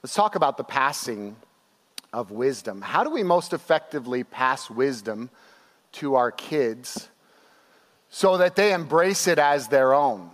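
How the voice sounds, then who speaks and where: A young man preaching a sermon to his church, telling stories with animated, acted-out quotes. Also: medium pitch, measured pace. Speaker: pastor. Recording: long hall reverb.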